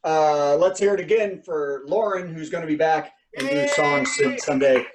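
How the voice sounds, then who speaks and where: A man's voice: fairly high pitch, normal speed, background noise. A man hosting a live online comedy show, rambling and joking between acts. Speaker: host.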